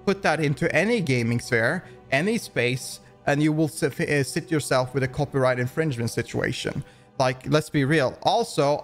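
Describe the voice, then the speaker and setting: Rambling male commentary YouTuber. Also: on the high side. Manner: rambling with frequent restarts. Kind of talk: opinion commentary.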